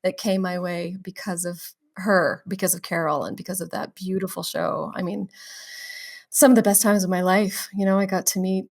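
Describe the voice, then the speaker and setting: A woman's voice: fairly low pitch, normal speed, gravelly. A woman from Canada, a stage actress, telling stories as an interview guest and now and then acting out the people she quotes. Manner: animated, breaks into quoted voices and laughter. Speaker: guest, musical theatre actress. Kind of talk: interview storytelling.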